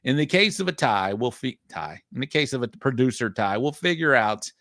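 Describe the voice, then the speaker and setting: A man hosting a livestream show, chatting casually and reading out viewer shout-outs. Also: mid-range voice, sing-song, no echo. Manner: reads out viewer names in quick shout-outs.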